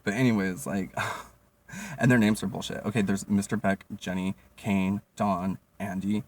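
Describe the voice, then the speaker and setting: A young man telling a storytime monologue as a vlogger, animated and profane, with frequent laughs and filler words. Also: deep voice, a little slow, distant mic.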